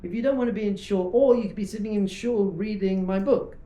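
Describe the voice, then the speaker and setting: A man, a rabbi, gives an informal, animated teaching talk and acts out little dialogues as he goes. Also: sits high, fairly quick. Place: talk hall at a yeshiva. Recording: echoey room.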